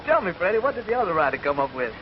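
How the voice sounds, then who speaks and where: A man's voice: sits high, sing-song, very fast. A man playing a jovial straight man in 1940s film dialogue, on a muffled, hissy old film soundtrack. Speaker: old friend and show-business acquaintance.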